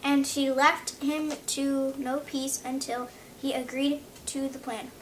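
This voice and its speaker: A woman reading a fairy tale aloud, halting with frequent slips and restarts. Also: sits high, level tone, slight background noise. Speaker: narrator.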